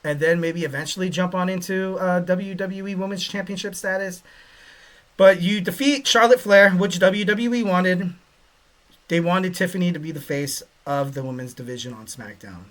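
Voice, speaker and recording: A man's voice: sits high, fairly bright tone. A man hosting a podcast, talking in a loose, joking way with many fillers and asides. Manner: rambling, joking, lots of fillers. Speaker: podcast host. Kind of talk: casual commentary.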